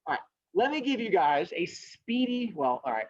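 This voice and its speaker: Rambling, jokey male teacher telling a fable over a video call, lively pitch, muffled lo-fi audio. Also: normal speed. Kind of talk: storytelling lesson.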